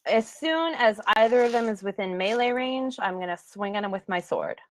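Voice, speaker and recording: A woman's voice: on the high side, animated, normal speed. A woman playing a tabletop game, blunt and offhand about her character's moves. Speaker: player. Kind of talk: casual tabletop chat.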